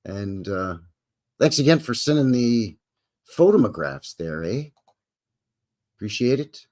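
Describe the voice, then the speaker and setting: A man's voice: medium pitch, very animated, slow, a little mellow. A Canadian man hosting a live stream in a folksy, jokey way, greeting chatters by name. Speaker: livestream host. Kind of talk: casual live-stream chat.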